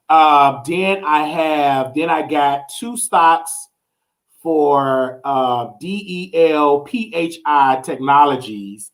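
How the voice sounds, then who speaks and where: A man hosting a livestream talk show, swinging from preachy, excited exclamations and scatting sounds to relaxed explaining. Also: fairly high pitch. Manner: relaxed explaining when giving money tips. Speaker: show host.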